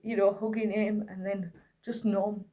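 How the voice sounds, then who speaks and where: Speaking to camera in an emotional personal vlog, a single mother recounts a hard night with her autistic son, candid, weary and close to tears. Her voice sits mid-range and warm, with a level tone and a measured pace. She is exhausted.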